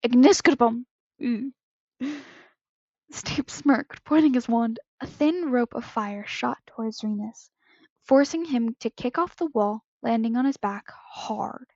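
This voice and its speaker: A woman's voice: on the high side, measured pace, mellow, no echo. A woman reading fan fiction aloud in an unpolished way, stumbling and correcting herself, on a close home microphone with a slightly dull, lo-fi sound. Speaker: podfic reader.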